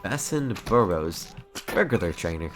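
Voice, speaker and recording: Playful low-voiced male streamer. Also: very animated, a little slow, over music. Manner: playful, reads quest text aloud. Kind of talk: casual live-stream commentary.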